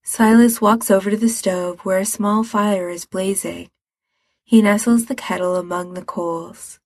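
A woman reading a story aloud as narrator, in an even, measured manner. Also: mid-range voice, dry recording. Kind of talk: reading fan fiction aloud.

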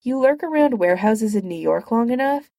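A woman's voice: fairly high pitch, animated, brisk, mellow, dry recording, voice pushed up. A woman reading a firm, earnest soldier hero.

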